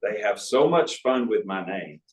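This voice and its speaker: A man's voice: lowish voice, lively intonation, a little slow, creaky. A man in his sixties, an author, telling folksy stories with asides to a live audience in an arts center auditorium. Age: 60s. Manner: folksy anecdotal storytelling with asides. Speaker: author at a book talk. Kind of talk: storytelling talk to an audience. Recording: roomy hall audio from a distance.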